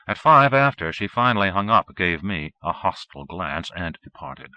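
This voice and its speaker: Deep-voiced man reading a novel aloud. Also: big pitch swings, normal speed, pushed and bright. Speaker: audiobook narrator. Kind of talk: first-person novel narration. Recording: dull 1980s cassette recording.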